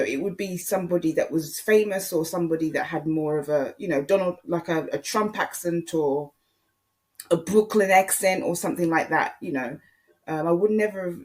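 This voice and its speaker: A YouTube commentator delivering a casual solo monologue. The voice sits at a middle pitch and the tone is opinionated, addressing viewers and other creators directly.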